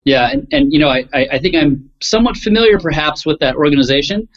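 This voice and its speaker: A man's voice: fairly high pitch, animated, fast. A man in a casual discussion, hesitant and repeating words as he starts his sentences. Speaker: conversation partner. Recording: dull lo-fi recording.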